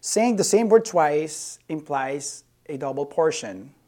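A preacher giving a sermon in a measured, phrase-by-phrase delivery, repeating key phrases for emphasis. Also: medium pitch, lively intonation, a little mellow.

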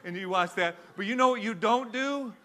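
A man's voice: sits high, moderate pace, sharp tone. A man preaching a sermon as a pastor, talking conversationally with many fillers and restarts.

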